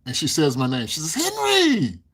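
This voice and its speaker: Man with a raspy, animated voice, chuckling storyteller hosting his live stream. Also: mid-range voice, normal speed. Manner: chuckles often while telling stories; acts out other people's lines in his stories. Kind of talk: casual storytelling.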